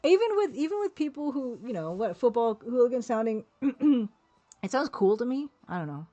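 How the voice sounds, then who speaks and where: Faint music plays behind a woman whose voice sits on the high side, sing-song and mellow, moving a little fast. An artist with a Canadian accent, she chats casually with viewers while drawing pixel art on stream, rambling and self-deprecating as she addresses her chat.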